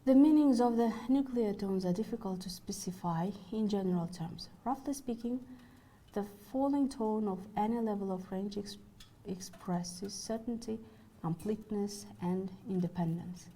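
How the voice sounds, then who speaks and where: A woman's voice: mid-range voice, normal speed, mellow, low-quality recording. A woman giving an online course lecture, reading carefully with small slips and restarts while demonstrating tones; her first language is Russian.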